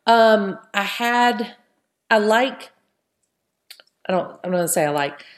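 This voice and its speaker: A woman's voice: medium pitch, expressive, slow. Chatty woman hosting a podcast. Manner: chatty, keeps adding "right?". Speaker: podcast host. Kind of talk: casual podcast chat about reality TV.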